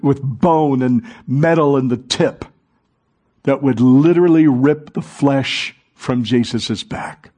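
Slow, husky male preacher. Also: mid-range voice. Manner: dramatic, swings from hushed to rising fervor. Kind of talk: sermon.

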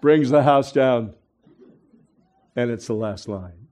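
A man preaching to a church congregation, telling a story with lively acted-out voices, then dropping to soft, hushed tones. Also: medium pitch, slow. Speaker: pastor. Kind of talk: sermon storytelling.

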